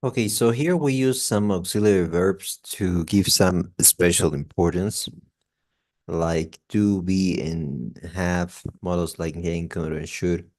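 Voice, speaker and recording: Very deep-voiced male English teacher. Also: darkish tone. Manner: halting, with many fillers and restarts. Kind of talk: explaining grammar to a class.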